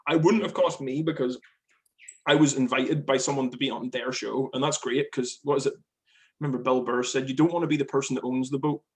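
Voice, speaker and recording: A man talking shop as a guest on a comedy chat show. He rushes through his points, restarting phrases and circling back. The tone is casual and conversational. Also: mid-range voice, fairly even intonation. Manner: quick, rambling, many restarts.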